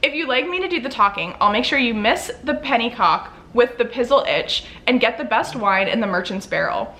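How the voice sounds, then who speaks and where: A woman's voice: a little high, expressive, fairly quick, a bit bright. A woman reading aloud the lines of a witty, cocky young male rogue thief in her own plain voice, without putting on an accent. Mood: sly.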